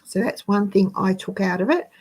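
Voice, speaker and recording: A woman's slightly mellow, medium-pitched voice comes through poor audio at a normal pace. She's hosting a casual live chat, chattily reading viewer comments to her audience while out of breath.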